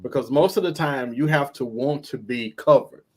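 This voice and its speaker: A man, the guest host of a live stream panel, giving his opinions in an animated way and laughing often. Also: mid-range voice, moderate pace.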